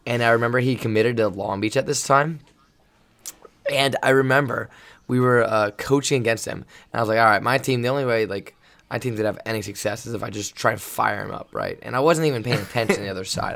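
A man with a gravelly, fry-tinged voice hosts a casual podcast chat. He tells coaching stories in a rambling, animated way, restarting his sentences as he goes. His pitch sits in an ordinary middle range. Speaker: volleyball coach and podcast host.

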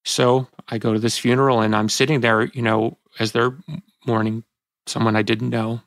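A man in his fifties speaks as a podcast host, reflective and halting. His voice is gravelly and recorded close and dry, and he often breaks off and restarts as emotion catches him. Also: mid-range voice, flat delivery, dry recording. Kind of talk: reflective conversational talk.

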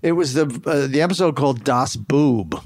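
Man, actor guest, animated storyteller, lively voice, dry sound, video call. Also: medium pitch, no room sound. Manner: animated storyteller, quick asides. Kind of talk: casual interview chat.

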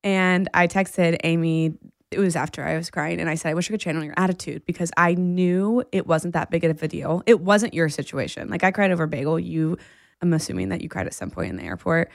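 A woman with a low, gravelly voice tells a story as a podcast co-host. She talks in a casual, animated way and laughs often. The recording is close and dry. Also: fairly quick, no echo. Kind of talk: casual chat.

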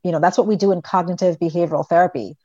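Animated woman psychologist, dry dull audio. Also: lowish voice, racing, no echo. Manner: animated storyteller, voices her children in quotes. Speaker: pediatric psychologist guest. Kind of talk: conversational interview.

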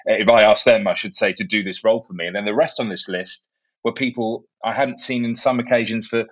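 A man's voice: on the low side, steady tone, a little fast, muffled recording. A man in his thirties with an English accent, a guest author explaining his ideas in a casual interview. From England. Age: 30s. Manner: articulate and explanatory, with small restarts.

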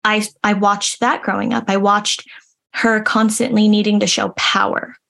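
A woman's voice: mid-range voice, flat delivery, moderate pace, vocal fry, pushed and bright. Young adult woman, reflective and earnest, casual interview guest. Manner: earnest, reflective, many restarts.

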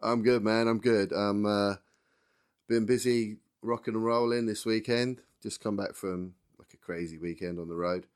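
A man who plays bass, chatting easygoingly as a guest on a podcast. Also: steady tone, normal speed, clear, resonant tone. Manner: laid-back, easygoing, laughs a lot. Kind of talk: casual podcast chat.

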